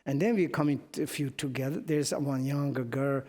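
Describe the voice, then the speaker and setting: A middle-aged man with a Tibetan accent, a Buddhist teacher giving a dharma teaching in halting non-native English, telling anecdotes with chuckles. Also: medium pitch, a little mellow. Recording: long reverb in a hall.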